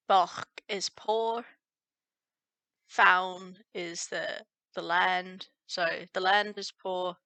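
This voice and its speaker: A woman teaching a folk song line by line, explaining each word slowly and singing the verses. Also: fairly low pitch, fairly even intonation, sharp tone, no echo. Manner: slow, explains word by word, sings lines. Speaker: language teacher.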